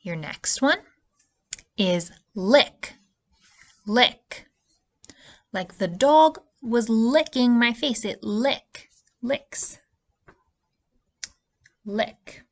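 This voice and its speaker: A woman's voice: fairly high pitch, lively intonation, drawn-out words, long pauses. A woman teacher giving a spelling lesson to young children, patient and stretching out the vowel sounds. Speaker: early-years teacher.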